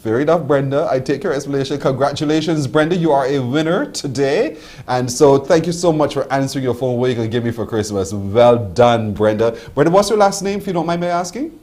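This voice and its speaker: A man's voice: mid-range voice, brisk, hardly any pauses, a little mellow. A Barbadian man hosting a live morning TV and radio show, chatting playfully with a caller and laughing often. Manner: playful, laughs a lot, teasing.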